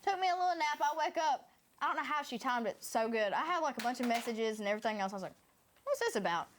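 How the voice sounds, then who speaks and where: Animated, rambling country-twang woman. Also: a little high, fast talker, a little hiss or hum. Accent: Southern US country twang. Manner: rambling, animated storytelling with crude humor. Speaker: podcast host. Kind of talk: casual podcast chat.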